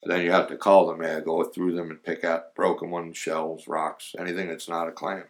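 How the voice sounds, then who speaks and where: A former clammer looks back on his days digging clams in a casual storytelling chat, rambling with fillers and laughing as he goes. His voice is deep with little pitch movement, at a normal speed.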